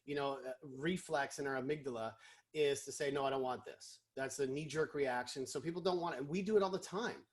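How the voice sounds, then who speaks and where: A man, a guest in a casual interview, explaining sales calls and acting out quick snippets of phone chats. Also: on the high side. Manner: animated, acts out phone calls.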